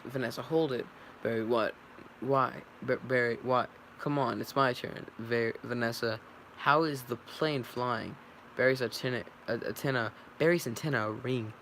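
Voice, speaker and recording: A man's voice: medium pitch, steady tone, moderate pace, fairly bright tone, slight background noise, poor audio. Man stumbling through a script read-aloud. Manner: stumbling, self-correcting, reads stage directions aloud. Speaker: script reader.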